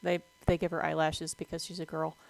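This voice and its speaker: A woman streaming a game and chatting casually about veterinary topics, moving between relaxed talk and excited yelps at the game. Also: low-pitched, fairly quick, creaky, no room sound, rough recording. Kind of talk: casual gameplay commentary.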